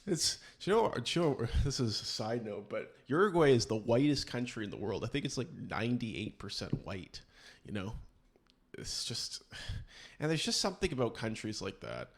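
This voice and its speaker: A man's voice: mid-range voice, sing-song, normal speed, gravelly, husky. A man hosting a podcast, rambling through casual chat with sarcastic, mock-serious asides. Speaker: podcast host.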